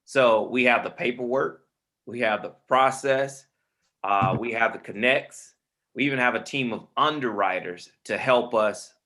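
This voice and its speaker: A man's voice: medium pitch, measured pace, pushed and bright. A man teaching a real estate webinar on a video call, informal and friendly, calling listeners man and brother. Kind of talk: online webinar instruction.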